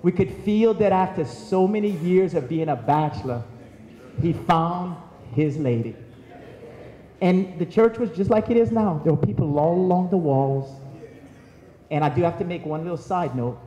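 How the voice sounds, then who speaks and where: A man delivers a eulogy full of stories, acting out the voices of friends as he goes. His voice sits high but sounds mellow. He is recorded from a distance in a large church with a long, roomy echo. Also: animated, normal speed, highs cut off. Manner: storytelling, acting out quoted voices. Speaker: eulogy speaker. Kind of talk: eulogy with anecdotes. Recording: echoey hall from far off.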